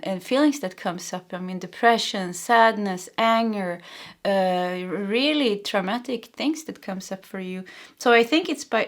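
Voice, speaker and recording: A woman from Sweden, a native Swedish speaker, giving an earnest, emotional pick-a-card tarot reading with many fillers. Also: mid-range voice. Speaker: tarot reader.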